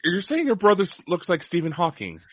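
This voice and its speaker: A man's voice: high voice, huge pitch swings, fairly quick, no room sound. Guy cohosting a stream, dry wry jokes, swears casually, muffled lo-fi call sound. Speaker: co-host. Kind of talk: casual live-stream chat. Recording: dull lo-fi call audio.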